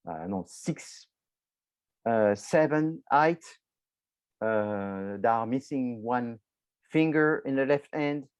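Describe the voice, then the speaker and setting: A man's voice: mid-range voice, takes it slowly, pauses often, clear, resonant tone, dry recording, low-quality recording. A man lecturing a university marketing class, explaining loosely with many restarts and filler words, addressing students directly.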